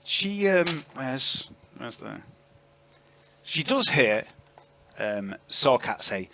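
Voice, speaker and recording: A man narrating as game master of a tabletop game, chatty and lively, on an online voice call. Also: medium pitch, drawn-out words, vocal fry, pauses often, a little hiss or hum. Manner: lively, chatty, filler-heavy.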